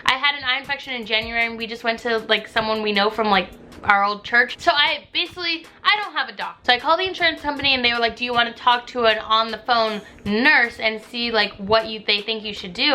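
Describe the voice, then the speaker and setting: A woman's voice: fairly high pitch, sharp tone, a little hiss or hum. A young woman telling a story to the camera in a casual vlog, chatty and dramatic, with "like" in nearly every phrase. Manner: chatty, dramatic, heavy use of "like". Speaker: vlogger.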